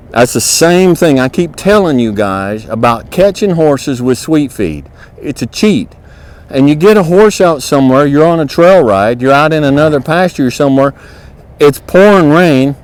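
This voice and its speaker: A man who trains horses, giving a plain-spoken, folksy lesson outdoors in a horse yard and talking softly to the horse as he works. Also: medium pitch, rough recording. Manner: coaxes the horse softly while working. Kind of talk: hands-on instructional video.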